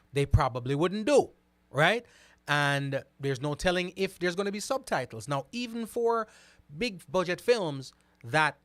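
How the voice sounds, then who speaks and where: A man hosting a show, reading out viewer comments and talking back to them in a casual, animated way, often repeating words and asking "right?". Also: fairly high pitch, no room sound. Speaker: host.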